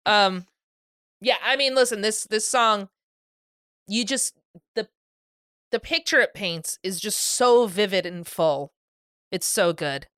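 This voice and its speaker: Lively female podcast co-host, crisp voice, dry close recording, laughs easily. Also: mid-range voice, takes it slowly, long pauses, no echo. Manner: animated, laughs often, enthusiastic. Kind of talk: casual chat.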